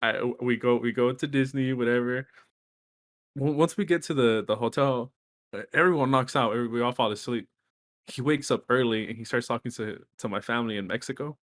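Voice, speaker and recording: A young man from Texas, co-hosting a casual podcast chat and telling a story in an animated way, swearing freely. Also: mid-range voice, brisk. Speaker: podcast co-host.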